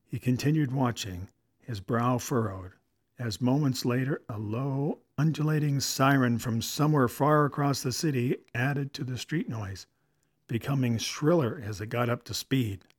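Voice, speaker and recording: Casting: male audiobook narrator, mid pitch, measured delivery, close dry recording. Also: dry recording.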